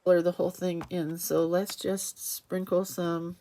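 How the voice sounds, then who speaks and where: A woman's voice: fairly low pitch, little pitch movement, unhurried, mellow. Chatty woman hosting a craft livestream. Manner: chatty, reads viewer comments aloud and reacts with sympathy. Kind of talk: casual livestream chat while crafting.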